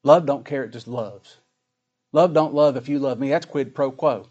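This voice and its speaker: A middle-aged man preaching a sermon, folksy, swinging from loud emphatic scripture reading to quiet asides. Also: mid-range voice, moderate pace, muffled recording. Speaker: pastor.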